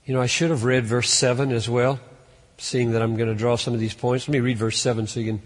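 A man preaching a sermon in an earnest way, rising in pitch and force on key points. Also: level tone, quick pace, in a large hall. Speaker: pastor.

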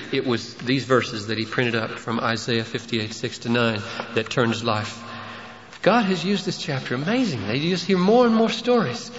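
A man's voice: mid-range voice, a bit bright. A man preaching a sermon as pastor, building to emphatic, raised bursts of conviction. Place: large church sanctuary. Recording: dull echoey church recording, faint hiss.

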